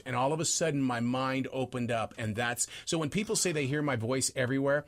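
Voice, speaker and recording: An easygoing man hosts a casual interview, giving short replies and telling stories at an unhurried pace. His voice sits at a middling pitch. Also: fairly bright tone. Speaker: interview host. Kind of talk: casual chat.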